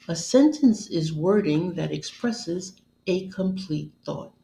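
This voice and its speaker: A woman narrating a scripted grammar lesson as a teacher, in a measured, deliberate, instructional way. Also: low voice, expressive, creaky, mellow, a little hiss or hum. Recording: roomy echo.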